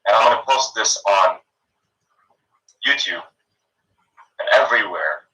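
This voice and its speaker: Man on a call, hesitant and nervous, bright forceful tone, distant from the mic. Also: on the low side, animated, a little slow. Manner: hesitant, nervous, stumbling restarts. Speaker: singer and guest. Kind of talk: casual call-in chat.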